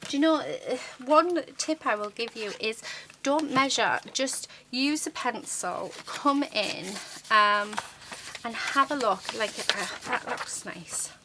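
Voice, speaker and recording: A woman's voice: a little high, slow, bright, forceful tone. Chatty woman crafting. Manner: chatty, rambling, many fillers. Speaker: crafting channel host. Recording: noisy with crafting clicks.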